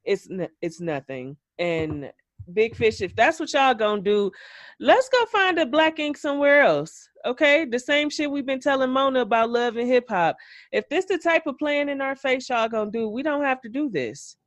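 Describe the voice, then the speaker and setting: A woman's voice: high-pitched, lively intonation, normal speed, no room sound. A woman hosting a podcast, giving a blunt, profane, opinionated recap in casual chat. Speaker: podcast host.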